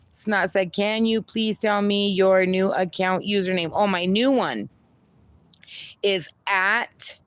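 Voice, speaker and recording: A woman's voice: mid-range voice, fairly bright tone, no echo. A woman hosting a casual livestream, reading viewer comments aloud, playful and laughing often. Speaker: livestream host reading chat.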